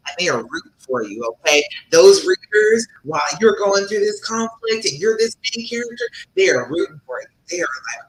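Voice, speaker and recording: A woman coach talks on a live stream with a lively, rising and falling voice. Her tone is bright and forceful. The room is echoey, with a faint rumble underneath. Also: fairly quick, hardly any pauses. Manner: animated, emphatic, swings between loud and soft. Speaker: relationship coach.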